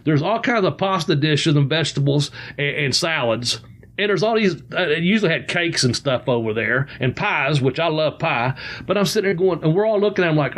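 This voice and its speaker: A man with a slightly raised pitch tells road stories from his wrestling days. He talks in a loose, animated and profane way, full of casual chat. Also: fairly quick. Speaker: former pro wrestler as guest.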